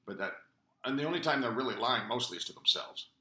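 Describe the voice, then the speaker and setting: A man's voice: mid-range voice, animated, fast talker, bright, forceful tone. An older man, a guest comedian, chatting casually and making emphatic points. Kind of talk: casual chat. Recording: roomy echo.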